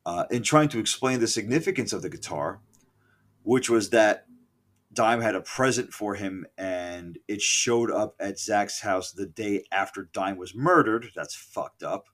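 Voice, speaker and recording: A middle-aged man recalling a concert in a casual, profane and opinionated rant, full of asides, self-corrections and loud outbursts. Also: on the low side, a little slow. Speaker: concert reviewer. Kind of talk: casual spoken concert recollection.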